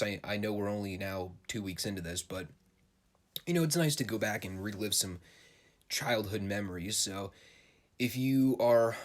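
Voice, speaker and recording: A man with a somewhat low voice hosts a solo podcast in a relaxed, off-the-cuff way. He cracks jokes, swears now and then, and fills gaps with filler words as he talks his viewers through the show. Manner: joking, profane, loose with filler words. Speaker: wrestling podcast host. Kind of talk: casual solo podcast commentary.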